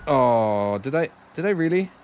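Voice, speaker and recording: A man with a Cork Irish accent, worn down by life in America, chats easily with his viewers and talks himself through each move. His pitch rises and falls a lot as he talks. A faint hiss sits under his voice. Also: big pitch swings, a little slow, darkish tone. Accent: Cork Irish, softened by years in America. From Ireland. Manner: chatty, thanks viewers, talks to himself while driving. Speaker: streamer. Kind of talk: casual live-stream chat while playing.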